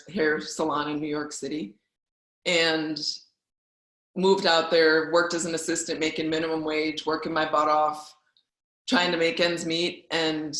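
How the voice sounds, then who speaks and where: A woman's voice: sits low, a bit bright. A woman in her forties, from the US Midwest, telling her personal story as a guest speaker in a candid, conversational way. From Wisconsin, US Midwest. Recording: roomy echo.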